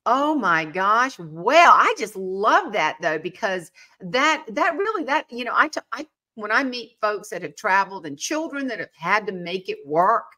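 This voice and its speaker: Bright, lively woman host. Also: mid-range voice, moderate pace. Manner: lively, exclamatory. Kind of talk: casual interview chat.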